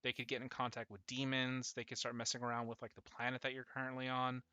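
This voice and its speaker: A man narrating as dungeon master in a casual, rambling way full of fillers, with sudden loud bursts. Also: medium pitch, monotone, fast, smooth, no echo. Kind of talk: narrating a tabletop game on stream.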